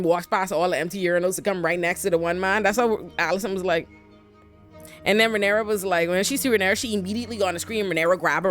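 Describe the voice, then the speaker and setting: A woman hosting a comedic TV recap, animated, slangy and profane, rambling through the plot. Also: fairly low pitch. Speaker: show recap host.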